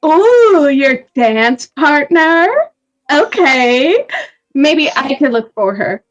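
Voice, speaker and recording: A woman's voice: high voice, moderate pace, dull audio, natural voice. A woman voicing a playful young female circus performer who teases a little. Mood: teasing.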